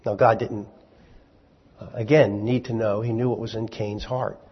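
A man's voice: on the low side, steady tone, moderate pace, slightly rough. A man preaching a sermon to a congregation in a conversational, wry way, full of rhetorical questions and asides. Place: church hall with congregation. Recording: echoey hall, dull lo-fi sound.

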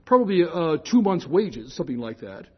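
An older man lecturing on scripture in a chatty, digressive classroom way, often correcting himself and slowing to spell out key terms. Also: a little high, very animated, slightly rough, muffled recording.

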